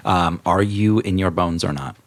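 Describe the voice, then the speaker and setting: A man narrating as game master of a tabletop role-playing game, relaxed and often laughing as he describes scenes. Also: low voice, moderate pace.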